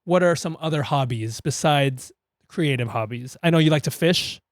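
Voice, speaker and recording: A man's voice: a little high, moderate pace, no room sound, clean studio sound. Curious man host asking questions. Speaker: podcast host. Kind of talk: casual interview chat.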